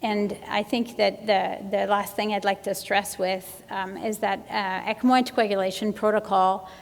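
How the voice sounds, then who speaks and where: A woman gives a medical conference talk in an even, monotone delivery with a gravelly edge. She presses her recommendations earnestly. Her voice carries the long reverb of the hall. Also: mid-range voice, normal speed. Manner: earnest, urges her points with repeated emphasis. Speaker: physician presenting at a medical conference. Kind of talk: conference lecture.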